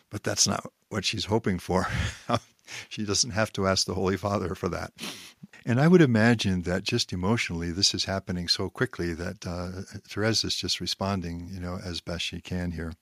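A man with a very low voice reads a devotional text aloud and stops often to explain it, leaning on key phrases in a measured, reflective way. The sound is dry and close, with no room echo. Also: steady tone, fairly bright tone. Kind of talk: reading a text aloud with commentary.

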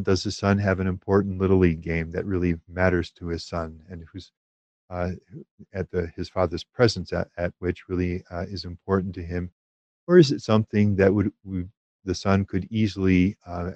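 A man giving a calm, measured spiritual teaching on prayer, with small fillers and restarts. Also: deep voice, no echo, muffled recording.

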